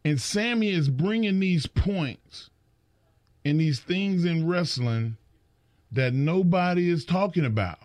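Animated middle-aged man telling wrestling stories. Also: high-pitched, unhurried, no room sound. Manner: animated storyteller, acts out quotes, repeats words. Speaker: wrestling podcast co-host. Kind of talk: casual chat.

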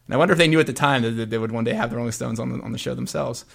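A man's voice: mid-range voice, very fast, vocal fry. A man hosting a podcast, chatting casually about music in long, meandering sentences. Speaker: podcast host.

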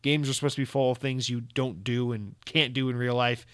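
A man's voice: mid-range voice, fairly even intonation, fairly quick, a bit bright, clean tone, dry recording. Casting: male solo podcaster, mid-range voice, dry close sound, sarcastic, profane, jokey rambling. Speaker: podcast host. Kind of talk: casual solo podcast monologue.

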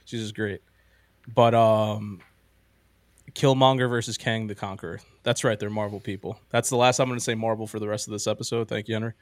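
Rambling, excited man in dry sound. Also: fairly low pitch, a little fast, no room sound. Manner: enthusiastic, rambling, heavy use of "like" and "um". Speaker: podcast host. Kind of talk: casual movie-ranking chat.

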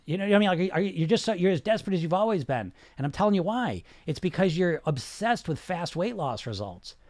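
A man's voice: high-pitched, very animated, fast talker, darkish tone, no room sound. A middle-aged man who coaches weight loss, talking in a live-streamed podcast monologue, blunt and profane, firing rhetorical questions at his listeners.

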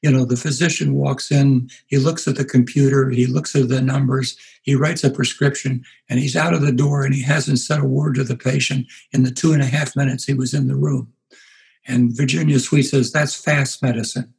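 A man in his eighties, a pastor being interviewed, telling stories in an unhurried way and acting out the voices he quotes. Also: mid-range voice, steady tone, creaky, poor audio. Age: 80s. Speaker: pastor and guest. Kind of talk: reflective storytelling interview.

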